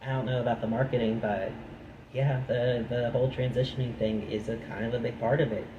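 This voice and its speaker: A man's voice: mid-range voice, level tone, brisk, muffled recording. A man reading a nonfiction book aloud, breaking off into chatty, dry asides of his own. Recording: echoey room with noise.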